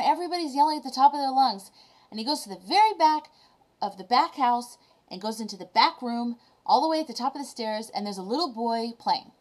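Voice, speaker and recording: A woman vlogger casually retelling a children's story to camera, animated and reflective. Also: on the high side, a little fast.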